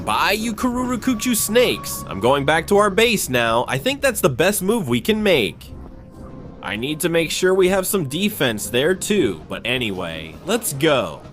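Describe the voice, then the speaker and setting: An excitable man calls out a survival game as he plays it, his fairly high voice bouncing up and down as he talks. He jumps from calm remarks to quick alarmed shouts. Soft music plays under him. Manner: excitable, jumpy play-by-play. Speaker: gaming channel host. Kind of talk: Minecraft survival commentary.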